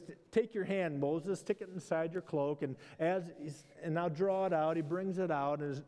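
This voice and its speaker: A man's voice: mid-range voice, darkish tone, big-room sound. A man, a pastor, preaching a conversational sermon, animatedly acting out the exchanges of a story and adding self-deprecating asides.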